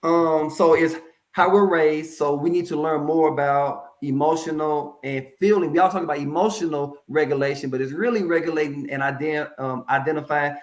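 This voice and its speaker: A man speaking as a mental health professional in a casual interview, telling stories in a lively, colloquial way and addressing the audience directly. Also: fairly high pitch, normal speed. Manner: animated, colloquial, preachy asides to the audience.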